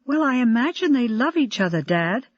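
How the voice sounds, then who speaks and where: A woman's voice: on the high side, very animated, moderate pace, dry recording, pitched above the performer's own voice. Brief: reader playing a dry, sarcastic young woman on the phone to her dad, lo-fi. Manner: sarcastic, patient. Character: sarcastic young adult daughter.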